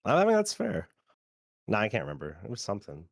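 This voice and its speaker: Deep animated man, joking commentator. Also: fast talker, gravelly, dry recording, studio quality. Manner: joking, rambling, animated swings in pitch. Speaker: tournament commentator. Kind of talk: casual gaming chat.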